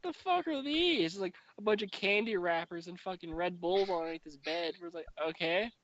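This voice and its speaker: High-voiced young man telling rowdy stories. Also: a little fast, lo-fi sound, a little hiss or hum. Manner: profane, animated storytelling. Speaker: podcast host. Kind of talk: casual chat.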